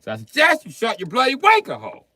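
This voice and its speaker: A man's voice: extremely high pitch, huge pitch swings, slow pace, sharp tone, slightly rough, no echo, pitched above the performer's own voice, exaggerated voice. A man voicing a blustering, swaggering mock-British tough guy who makes heavy-handed threats. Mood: menacing.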